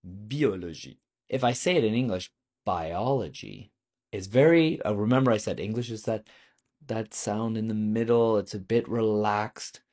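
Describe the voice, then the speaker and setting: A man's voice: lowish voice, normal speed, darkish tone. A man teaching a video lesson on French vocabulary, explaining patiently and asking the viewer questions.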